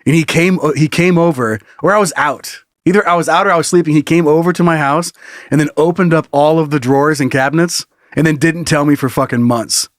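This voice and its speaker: A man's voice: a little high, brisk, no room sound, studio quality. Laughing, profane male podcast co-host. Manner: animated, profane storytelling with frequent laughs. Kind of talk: casual comedic chat.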